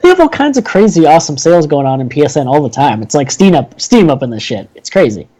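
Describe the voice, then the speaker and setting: A man's voice: fairly high pitch, very animated, quick pace, warm tone, poor audio. A man co-hosting a gaming podcast, talking in an easygoing way and laughing often. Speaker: podcast co-host. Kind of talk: casual chat.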